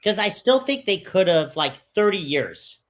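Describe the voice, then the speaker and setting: A man co-hosting a casual movie podcast, curious, asking questions and reacting quickly. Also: sits high, very animated. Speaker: podcast co-host. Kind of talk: casual movie review chat.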